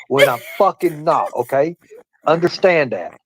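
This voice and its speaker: A man's voice: fairly high pitch, lively intonation, moderate pace, no room sound, rough recording. A man delivering a repetitive, profane, lecturing rant in a clip played on a livestream.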